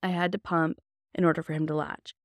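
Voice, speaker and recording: A woman's voice: low voice, level tone, a little fast, dry recording, clean studio sound. A young woman hosting a podcast, telling a personal story in a candid, chatty way full of casual fillers. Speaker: podcast host.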